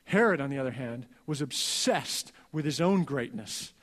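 A male pastor preaching a sermon earnestly, going soft and slow on key lines. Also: medium pitch, animated. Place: church sanctuary. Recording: long reverb of a church hall.

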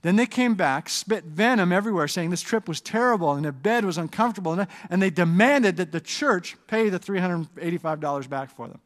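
A man preaching a sermon as pastor, conversational and animated, with asides to the congregation. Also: high voice, brisk. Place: church sanctuary. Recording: long hall reverb.

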